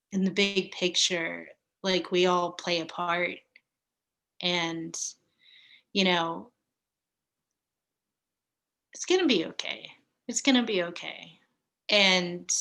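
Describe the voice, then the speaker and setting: Woman in her thirties, unhurried and earnest, bright voice, gentle heartfelt conversation. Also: lowish voice. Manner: slow, reflective, with soft laughs and pauses. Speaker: guest. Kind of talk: casual heartfelt chat.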